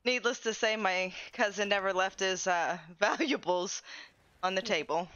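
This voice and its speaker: A woman's voice: mid-range voice, moderate pace, fairly bright tone, no echo. A woman live streamer telling a funny story in casual chat, often laughing mid-sentence, on a dull lo-fi stream mic.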